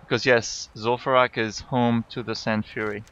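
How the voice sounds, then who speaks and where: A man narrating a game dungeon in a relaxed, casual way, trying out names as he goes. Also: medium pitch, normal speed, lo-fi sound, a little hiss or hum. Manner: relaxed, unsure of names, reads quest text aloud.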